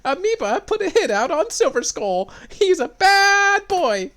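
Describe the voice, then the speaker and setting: A man doing a shrill, hammy TV news reporter. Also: big pitch swings, measured pace, sharp tone, full character voice. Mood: gushing. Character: breathless over-the-top TV news reporter.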